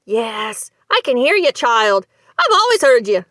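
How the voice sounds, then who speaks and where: A sly old countrywoman, as a woman reader puts her on, chuckles through her rustic dialect in a raised, lively voice. She speaks confidingly, as if sharing a private joke. The reading sounds close and dry. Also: a little high, a little slow, no echo. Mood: sly, amused.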